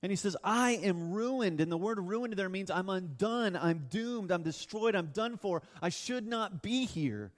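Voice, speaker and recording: High-voiced man preaching in a reverberant hall. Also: lively intonation. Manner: earnest, emphatic preaching with slow drawn-out stresses. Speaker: pastor. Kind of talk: sermon. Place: church hall. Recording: long reverb of a church hall.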